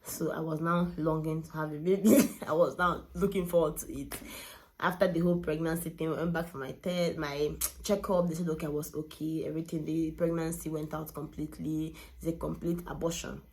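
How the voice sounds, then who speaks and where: Young woman, low pitched, a bit of fry, emotional first-person storytelling. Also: flat delivery, brisk, darkish tone. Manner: candid, emotional, retelling with quoted dialogue. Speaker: vlogger.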